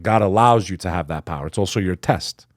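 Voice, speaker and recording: A man as a podcast guest, telling a story with fervor, swinging between loud emphasis and hushed asides. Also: low-pitched, fairly quick, dry recording, studio quality. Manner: acts out quoted speech. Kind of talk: impassioned storytelling in conversation.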